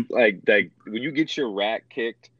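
A young man with a low, deep voice recounts his service in loose, profane, animated talk, acting out what others said. The sound is dry and slightly dull, as if from a modest podcast mic. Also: measured pace, breathy edge, no room sound. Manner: animated, acts out quotes with swearing. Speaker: veteran guest telling war stories. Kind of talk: casual storytelling, profane.

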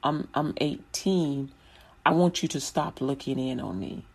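A woman's voice: very deep voice, lively intonation, unhurried, husky, voice pushed down, full character voice. Woman voicing an insistent grown-up teen nephew. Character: teenage nephew, insistent, protesting his privacy.

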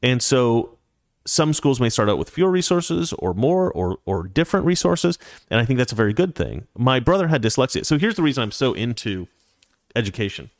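A man's voice: medium pitch, big pitch swings, a little fast, dry recording. Opinionated man hosting a dry-miked talk show. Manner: opinionated, talks straight to viewers. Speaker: show host. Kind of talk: casual political commentary with viewer chat.

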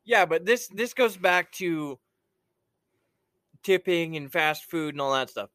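A man's voice: fairly high pitch, animated, slow, bright, forceful tone, no room sound, clean studio sound. A man hosting a casual podcast chat, telling rambling, profane stories.

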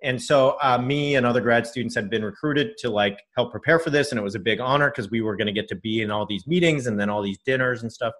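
A man's voice: mid-range voice, quick pace, few pauses, a bit bright. A middle-aged man casually telling a personal story on a podcast, rambling with many fillers and restarts.

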